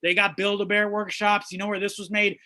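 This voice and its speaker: A man co-hosting a comedy show, riffing loudly with rambling, profane jokes. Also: sits high, little pitch movement, brisk. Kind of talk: stand-up banter.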